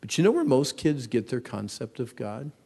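A man in his fifties preaching a sermon as a pastor, swinging from hushed asides to loud emphatic lines. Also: medium pitch, wildly swooping pitch, moderate pace, gravelly, slightly rough, in a large hall. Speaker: pastor and youth counselor.

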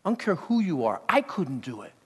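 A middle-aged man preaching a sermon, emphatic, moving from hushed, intimate lines to loud bursts, with storytelling asides. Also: on the high side, very animated, a little fast, breathy edge, big-room sound. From Pennsylvania.

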